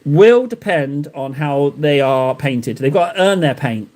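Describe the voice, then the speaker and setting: Male streamer, fairly high voice, rambling and joking with chat as he paints. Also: animated, unhurried, a little mellow. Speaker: live streamer painting miniatures. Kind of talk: casual live-stream chat while painting.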